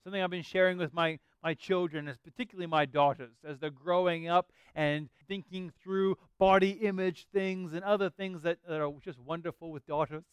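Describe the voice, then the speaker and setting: A man's voice: sits high, fairly even intonation, normal speed, few pauses, clear, resonant tone, dry recording, dull audio. A middle-aged man preaching a sermon as a pastor, earnest and conversational with emphatic rises.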